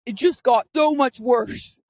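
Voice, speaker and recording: A high-pitched woman around thirty recounts her own story with earnest drama, acting out how she reacted back then. Her voice runs through a masking filter, and the recording is dull and dry with no room sound. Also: a little slow, darkish tone, no room sound. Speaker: storyteller giving personal testimony. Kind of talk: first-person storytelling.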